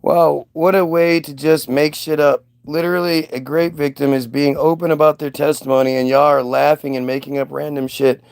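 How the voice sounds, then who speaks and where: A man's voice: fairly high pitch, level tone, moderate pace, vocal fry, few pauses, a little mellow, clean tone, no room sound. A man ranting in casual commentary, sarcastic and profane, mocking people as he reacts to clips.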